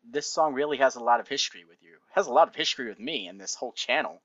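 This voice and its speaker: A man's voice: mid-range voice, expressive, very fast, a bit bright, no room sound, highs cut off. A man reading fan fiction aloud and breaking off into sarcastic, laughing asides.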